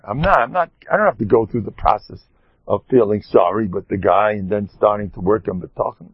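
A man, a rabbi, telling a story in an animated way and mixing in Hebrew and Yiddish terms. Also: on the low side, a little fast, breathy edge, no room sound, muffled recording. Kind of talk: storytelling talk.

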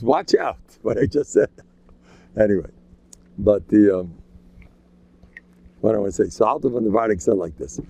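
A man giving an informal, joking religious talk, animated and acting out quotes in sudden high voices. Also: vocal fry, no echo, dull audio. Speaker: religious lecturer. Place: local community gathering.

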